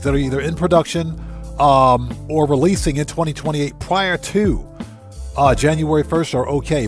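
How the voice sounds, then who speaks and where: A man hosting a livestream, ranting indignantly and greeting chatters by name. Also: fairly high pitch. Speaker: livestream host.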